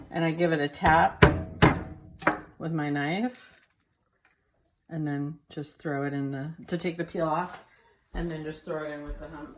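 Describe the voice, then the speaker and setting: A woman's voice: deep voice, noisy background. A woman hosting a casual home cooking demonstration, chatting as she works and wheezing and coughing now and then. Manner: chatty, relaxed, thinks aloud. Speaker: cooking show host. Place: home kitchen. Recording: kitchen clatter behind.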